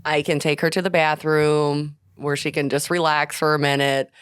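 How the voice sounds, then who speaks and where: A woman co-hosting a podcast, recounting a road trip in animated casual chat and laughing often. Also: deep voice, moderate pace, smooth, no echo, studio quality. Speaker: podcast co-host.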